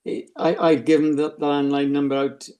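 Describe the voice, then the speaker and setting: An older man telling anecdotes in casual chat, halting and repeating words. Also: a little high, little pitch movement, mellow. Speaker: regular of the group chat. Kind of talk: casual chat among friends.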